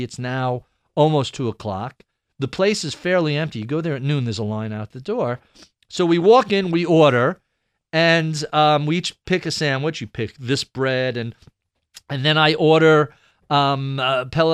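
A man's voice: fairly high pitch, smooth, no echo, clean studio sound. A man hosting a podcast, telling a long casual anecdote with restarts and quoted back-and-forth. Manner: rambling, with restarts and quoted dialogue. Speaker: podcast host. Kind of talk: casual storytelling.

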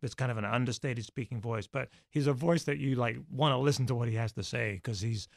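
A man answering interview questions in a halting, thoughtful way, full of restarts and fillers. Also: mid-range voice, vocal fry, no room sound, clean studio sound. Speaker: podcast guest, former studio executive.

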